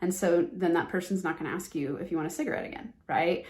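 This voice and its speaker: A woman's voice: lowish voice, quick pace, a little mellow. Emphatic woman hosting a motivational podcast. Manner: earnest, emphatic, acts out example phrases. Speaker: podcast host and business coach.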